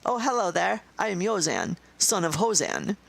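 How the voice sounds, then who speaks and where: A woman's voice: fairly low pitch, huge pitch swings, moderate pace, creaky, heavily acted. A woman voicing a cheerful young boy from a fantasy game, eager and friendly.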